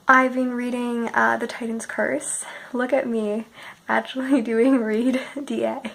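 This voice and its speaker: A young woman in her early twenties from Canada, musing sleepily and softly about books while unwell, often dropping to a half-whisper. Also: a little high, gravelly, poor audio. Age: early 20s. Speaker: book vlogger.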